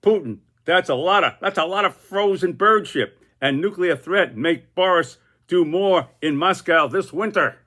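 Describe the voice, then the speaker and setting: A man's voice: high voice, measured pace, few pauses, pushed and bright, voice pushed up, full character voice. A man voicing a cheeky male parrot in a pet shop, squawking in clipped, broken phrases.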